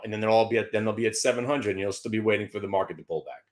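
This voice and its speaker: A man's voice: on the low side, fairly even intonation, racing. A middle-aged man hosting a stock trading show, giving casual, joking market commentary with mock-emotional outbursts and stumbling repeats.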